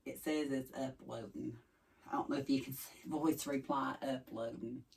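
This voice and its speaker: A woman's voice: very deep voice, fairly even intonation, moderate pace, vocal fry, darkish tone. Chatty woman with an East Tennessee drawl. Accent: Southern US, East Tennessee. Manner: folksy, chatty, wanders off track. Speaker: vlogger. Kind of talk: casual rambling chat to viewers. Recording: voice a little distant from the mic.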